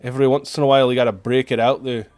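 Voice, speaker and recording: Man doing a brash fake Scottish accent, mid pitch, dry close sound. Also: level tone, racing, darkish tone, dry recording, close to an everyday voice. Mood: mock boastful.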